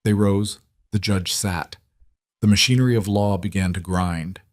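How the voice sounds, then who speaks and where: A man giving scripted, measured narration of a Western story. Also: low-pitched, fairly even intonation, dry recording, studio quality.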